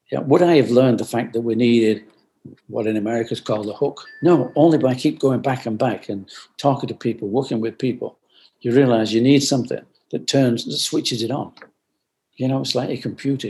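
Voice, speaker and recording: On a video call, an older company founder appearing as a guest speaks in a thoughtful, earnest, brisk way. He keeps returning to his points with repeated phrases, sometimes dropping into soft, quiet asides, and his pitch stays in an ordinary middle range.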